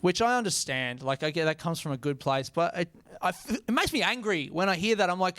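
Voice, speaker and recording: A man's voice: high voice, animated, brisk, hardly any pauses, fairly bright tone, no echo. An Australian man performing stand-up comedy, casual and self-mocking, with frequent swearing.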